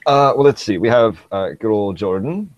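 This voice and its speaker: A man's voice: on the low side, animated, normal speed, darkish tone, dull audio. A man on a casual group podcast, tossing off dry sarcastic quips and teasing questions.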